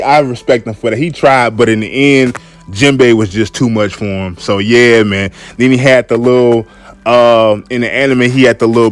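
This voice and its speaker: A man hosting a casual solo podcast, laid-back and repetitive, often saying "man". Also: mid-range voice. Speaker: podcast host.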